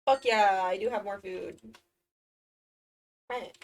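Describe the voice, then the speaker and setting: A woman's voice: medium pitch, slow, creaky, a little mellow, recorded from a distance. A woman streamer talking to herself during a game, swearing often and easily exasperated. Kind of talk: casual gameplay commentary.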